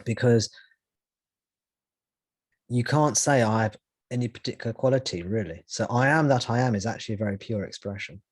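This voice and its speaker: A man's voice: mid-range voice, a little fast, long pauses, breathy edge, no echo. A man teaching at a live satsang, speaking reflectively and thinking aloud, with frequent restarts as he searches for words. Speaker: spiritual teacher.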